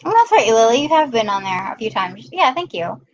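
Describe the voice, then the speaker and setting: A chatty woman hosts a casual live stream and greets her viewers one by one. Her voice sits a little high. The audio is dull and lo-fi. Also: very animated, brisk. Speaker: live-stream host filling in.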